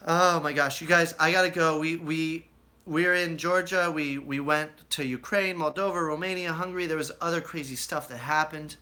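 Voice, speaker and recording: Rambling bright-voiced young man telling stories. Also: on the high side, moderate pace. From United States. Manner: rambling, animated storyteller who acts out quoted voices. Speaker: vlogger telling his life story. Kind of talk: casual storytelling to a live chat.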